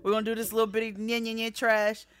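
A woman's voice: fairly high pitch, level tone, fast talker, over music. A young woman co-hosting a podcast, telling family stories in casual chat, blunt and laughing often. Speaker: podcast co-host.

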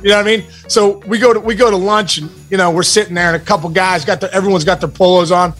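Animated high-voiced storytelling guy. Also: fast, faint music behind. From Pittsburgh area, USA. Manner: animated storyteller who acts out quoted voices. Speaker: podcast co-host. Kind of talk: casual storytelling chat.

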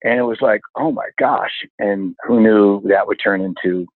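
A man in his sixties, a stunt coordinator telling lively stories in an interview, often exclaiming as he recalls events. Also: fairly low pitch, moderate pace, dry recording. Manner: animated anecdotes, exclaims often. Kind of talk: storytelling interview chat. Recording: dry, tinny phone-like line.

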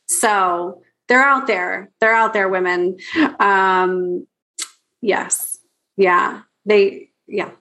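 A woman's voice: medium pitch, steady tone, extremely slow, bright, forceful tone. A woman hosting a podcast interview, talking casually and enthusiastically with lots of fillers. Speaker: podcast host.

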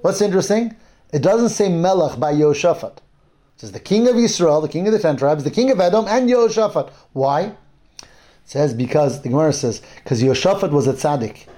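A man's voice: fairly high pitch, expressive, brisk, warm tone. A man teaching a casual Torah class, retelling a Bible story in a conversational way, fillers and restarts. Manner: conversational with fillers and restarts, acts out quoted speech.

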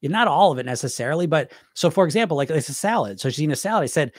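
A man's voice: on the high side, lively intonation, rapid-fire, few pauses, no echo, studio quality. A man coaching about weight loss in a casual, rambling live-stream talk, full of restarts and asides.

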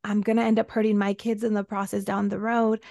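A woman's voice: medium pitch, flat delivery, brisk, gravelly, darkish tone, no echo, clean studio sound. A woman coach, a guest on a podcast, recounting a painful stretch of her life in an earnest, emotional way. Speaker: guest, women's soul embodiment coach. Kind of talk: personal storytelling in a podcast interview.

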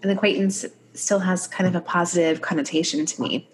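A woman's voice: fairly low pitch, brisk, slight background noise. A woman chiropractor co-hosting a podcast, chatting easily and laughing, her voice stuffy from a cold. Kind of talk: conversational podcast chat.

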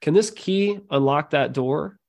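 A man's voice: fairly high pitch, a little slow, vocal fry. A man hosting a podcast who affirms his guest and shares stories from his work as a leadership speaker. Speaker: podcast host. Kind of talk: casual podcast conversation.

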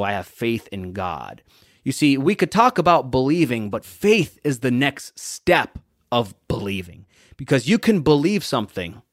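A man's voice: mid-range voice, dry recording, clean studio sound. Emphatic male motivational podcast host. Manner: preachy, emphatic, stretching key words slowly. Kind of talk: motivational talk with storytelling.

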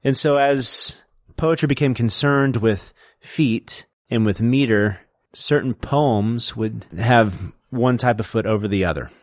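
A man co-hosting a podcast, explaining poetic meter in a lecturing way and reciting lines slowly to show the stresses. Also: medium pitch, no echo, studio quality. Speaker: podcast co-host explaining poetry. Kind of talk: casual explanatory chat.

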